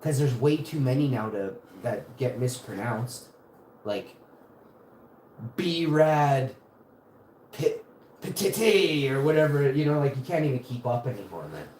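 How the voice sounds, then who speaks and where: A man talks loosely through a livestream while cooking in his kitchen, wandering from topic to topic with jokes and restarts. His voice is mellow and soft-edged, and the room gives it a roomy echo over a faint hum of noise. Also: medium pitch, lively intonation, normal speed. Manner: joking, meandering, self-interrupting. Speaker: livestream host. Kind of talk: casual rambling livestream chat. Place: home kitchen, indoors.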